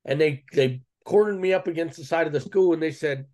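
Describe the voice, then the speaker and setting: As a podcast guest, a man tells stories in a casual, earnest way, his voice a little higher than most men's with a darkish tone. He talks briskly and slangily, often restarting his sentences.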